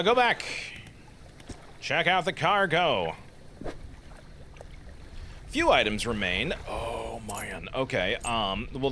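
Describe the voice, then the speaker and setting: A man giving jokey, self-deprecating commentary over a video game. His voice is bright and lively, swinging up and down often, with a slightly raised pitch and faint background noise. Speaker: let's play host. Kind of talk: casual gameplay commentary.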